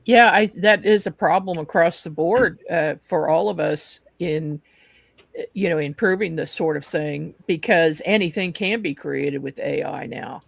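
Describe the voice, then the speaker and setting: A woman's voice: deep voice, measured pace, creaky, no room sound, low-quality recording. A woman hosting a panel discussion, talking loosely with many fillers. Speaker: host.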